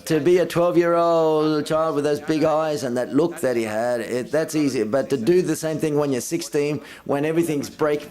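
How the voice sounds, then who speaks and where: A man's voice: a little high, steady tone, normal speed, few pauses, darkish tone. A man giving simultaneous interpretation at a film festival press conference, relaying each speaker in the first person and lifting his voice for quoted lines.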